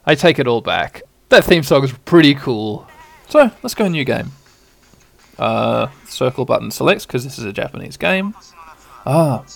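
A man hosting a podcast, casually narrating a game playthrough in a relaxed, rambling way. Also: mid-range voice, moderate pace, creaky. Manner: relaxed, rambling, with filler ums. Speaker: podcast host.

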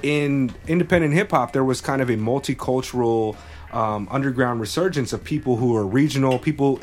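A man's voice: medium pitch, a little fast. A man hosting a casual podcast chat, talking loosely with many fillers and restarts, joking and then musing thoughtfully. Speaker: podcast host.

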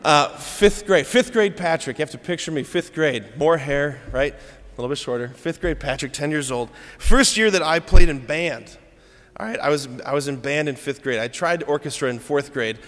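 A man's voice: fairly high pitch, moderate pace, fairly bright tone. A man giving a conversational sermon, telling a candid personal story with a self-deprecating manner and frequent asides to the congregation. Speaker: preacher. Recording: long reverb of a large hall.

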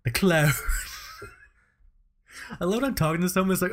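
Brief: man, slightly raised pitch, profane exasperated podcast co-host who laughs a lot. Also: animated, normal speed, long pauses. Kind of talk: casual podcast chat.

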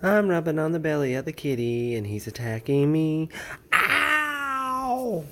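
A man hosting a casual late-night solo podcast, rambling in a relaxed way with jokes and asides. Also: a little high, brisk, heavy background noise. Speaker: podcast host.

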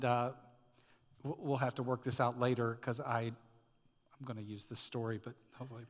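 A man's voice: fairly high pitch, bright, forceful tone, in a large hall. A middle-aged man preaching a sermon as a pastor, conversational and storytelling with asides. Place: church sanctuary.

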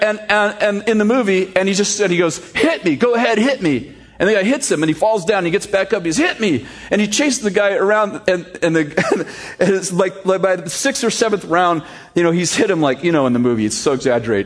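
A man preaching a sermon, telling a story with animated, sarcastic humor before reading scripture. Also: sits high. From United States. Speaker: pastor.

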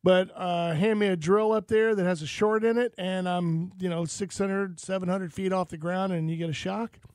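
High-voiced man telling rambling stories. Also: steady tone, normal speed, a little mellow, dry recording. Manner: rambling anecdotes with frequent fillers. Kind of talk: casual storytelling chat.

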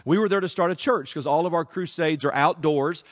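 A middle-aged man with a Southern US accent, preaching as a guest speaker in humorous, animated storytelling. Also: on the high side, fairly quick. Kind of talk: sermon. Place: church service.

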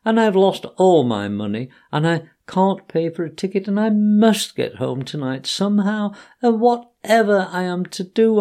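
A man puts on a conceited toad passing himself off as a weepy washerwoman. The voice climbs high and wails, the pitch swooping all over as he sobs out his troubles in a storybook reading. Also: mellow, exaggerated voice. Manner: high wailing sobbing falsetto. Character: boastful male toad disguised as a weepy washerwoman.

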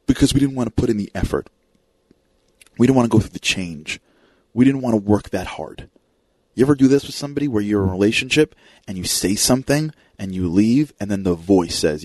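A man's voice: on the low side, a little mellow, no echo. A man filling in as a radio host, telling a story and acting out the voices of the people in it. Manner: storytelling, acts out quoted voices. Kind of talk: talk radio monologue.

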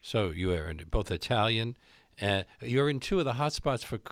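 A man's voice: fairly low pitch, animated, normal speed, no echo, studio quality. A man interviewing a guest, asking brief, direct questions.

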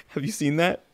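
A man co-hosting a casual gaming podcast, chatty and upbeat, explaining game updates. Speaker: podcast co-host.

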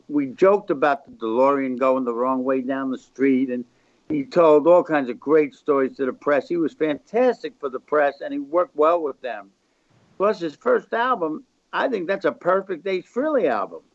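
Older man, gravelly voice, slightly high pitch, rambling anecdotes, guest on a podcast, dry muffled sound. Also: no room sound. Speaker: record label founder, podcast guest. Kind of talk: casual storytelling interview.

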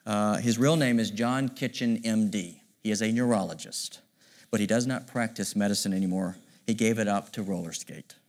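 Low-voiced male preacher, conversational. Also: normal speed. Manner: animated, conversational preaching with rhetorical questions. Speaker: pastor. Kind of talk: sermon.

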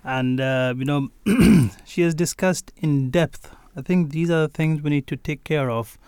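Radio co-host guy, slightly high clear voice, dry sound, thinking out loud. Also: unhurried, no echo. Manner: reflective, hesitant, clears throat. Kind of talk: radio talk commentary.

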